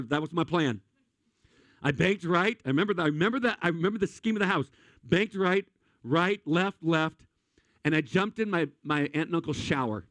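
A young man preaching a sermon, telling a story with lively energy and building to emphatic points. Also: on the high side, dry recording. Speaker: pastor.

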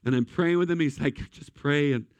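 A man's voice: fairly high pitch, fairly quick, darkish tone, dry recording. A man preaching a sermon, telling a personal story with rising emotion and speaking directly to his listeners as friends. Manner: emotional storytelling, addresses audience as guys and friends. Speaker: pastor.

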